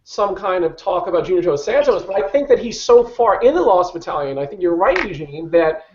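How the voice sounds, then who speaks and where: A man's voice: high voice, lively intonation, brisk. A man hosting a casual panel chat, asking questions and steering the talk. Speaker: show host. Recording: roomy, dull lo-fi audio.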